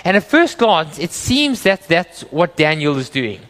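A man preaching a sermon as pastor, earnest and animated, often acting out quoted voices. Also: fairly high pitch, unhurried. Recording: long hall reverb.

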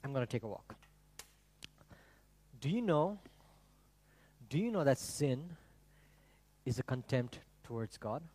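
A man preaching a sermon to his congregation, animated and rhetorical, asking them questions. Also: mid-range voice, measured pace, pauses often. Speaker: pastor. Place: church.

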